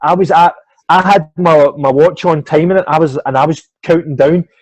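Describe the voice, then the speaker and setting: A Scottish man in middle age chats as a guest, telling a tale with real animation and acting out the other people's lines. His voice sits a little high with a mellow, soft edge. The recording is dry, with no room sound. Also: normal speed, no room sound, lo-fi sound. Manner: animated anecdotes, swears freely, acts out quoted voices. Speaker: swimming coach, guest. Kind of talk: casual storytelling interview.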